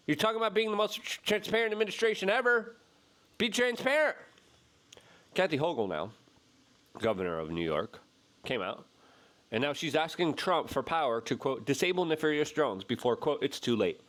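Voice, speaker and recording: A man hosts a solo political commentary show with a lively voice that leaps up and down in pitch. He sounds exasperated and sarcastic. He keeps slipping into mocking, high-pitched impressions. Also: moderate pace, long pauses.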